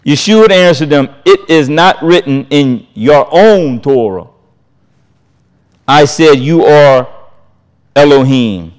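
A man's voice: fairly high pitch, expressive, slow pace, long pauses, smooth. A man teaching a sermon, reading scripture aloud and commenting in an emphatic, casual way, repeating his key phrases and chuckling between points. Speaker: Bible teacher.

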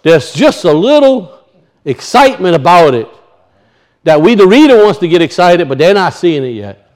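A high-pitched male preacher delivering a sermon in a lively, animated way. He keeps turning to his listeners with questions and pressing home the point of each verse. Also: moderate pace. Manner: animated, asks the audience questions.

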